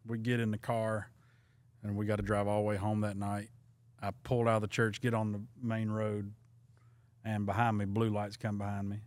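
A man's voice: on the low side, monotone, normal speed, darkish tone, dry recording. A man, an evangelist telling a self-deprecating story in a casual chat. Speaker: evangelist guest.

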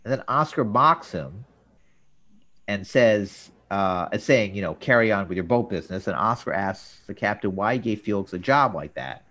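A man hosting a casual talk show, recapping scenes and jumping into quoted lines with an animated delivery. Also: unhurried. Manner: animated, jumps up in pitch for quoted characters. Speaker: podcast host.

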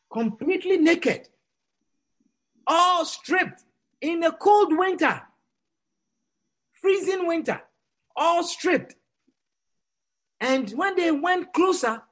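Telling a story to his congregation, a high-voiced male preacher acts out the characters with wide swings in pitch. His slightly rough voice shifts from hushed tones to near-shouts.

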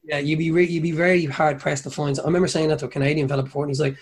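A man's voice: fairly high pitch, level tone, rapid-fire, husky. A man with an Irish accent telling long, rambling stories in a casual chat, swearing freely and mimicking people.

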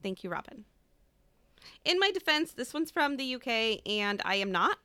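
Bright, higher-voiced American woman, giggly and self-mocking, loose podcast banter. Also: big pitch swings, normal speed, clear, resonant tone, no room sound, clean studio sound. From United States. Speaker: podcast co-host. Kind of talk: casual chat.

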